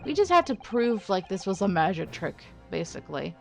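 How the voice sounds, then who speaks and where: A woman commenting on her game playthrough, her voice swinging widely between low mutters and excited squeaks. She is playful and chatty, laughing often and wandering into asides. Faint music plays behind her. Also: moderate pace, vocal fry. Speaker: let's play host.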